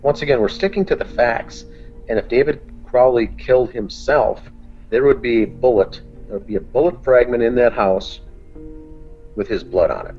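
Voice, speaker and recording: A man's voice: mid-range voice, normal speed, lo-fi sound, faint music behind. A man co-hosting a true-crime podcast, going through facts methodically, point by point. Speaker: podcast co-host, group admin. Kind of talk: detailed discussion.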